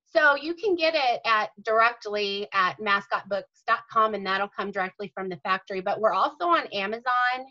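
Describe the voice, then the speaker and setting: A woman's voice: medium pitch, expressive, normal speed, hardly any pauses, sharp tone. A woman author and mother answering interview questions, explaining things earnestly and in detail. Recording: dull lo-fi audio.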